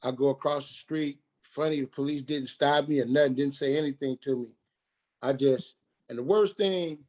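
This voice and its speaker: A middle-aged man, telling his own story on a radio show, halting and restarting as he acts out what others said. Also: medium pitch, darkish tone. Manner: halting, repeats and restarts, quoting others in dialogue.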